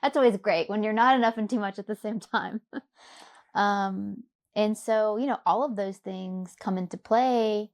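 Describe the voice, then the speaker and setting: A young adult woman from Louisiana, an interview guest telling her own story in a reflective, soft-spoken way with many fillers. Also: medium pitch, normal speed. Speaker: podcast guest. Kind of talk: personal story in a conversational interview.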